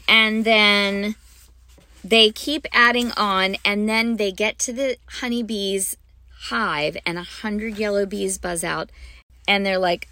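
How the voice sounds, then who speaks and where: A woman's voice: medium pitch, slow, pushed and bright, no echo. A woman hosting a podcast for music teachers, talking in a bubbly, gushing way with frequent ums. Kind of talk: enthusiastic teaching talk.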